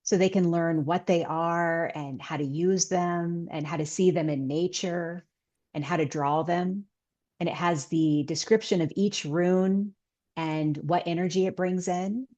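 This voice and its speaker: A woman's voice: on the low side, a little slow, warm tone, highs cut off. A middle-aged woman, a guest author, telling stories earnestly in a casual interview.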